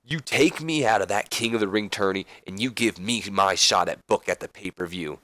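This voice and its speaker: An angry veteran wrestler ranting with an indignant edge, as a man puts him on. The voice leaps up in pitch and gets loud on the outbursts. The recording is dry and close. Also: normal speed, no room sound, lightly acted. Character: angry veteran male wrestler demanding his title shot.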